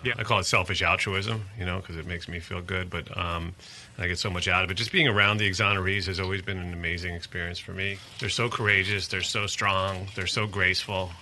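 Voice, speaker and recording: Bright-voiced, earnest man. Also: sits low, fairly quick, slight background noise. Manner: earnest, animated storyteller. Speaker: guest, musician and advocate. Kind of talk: casual interview.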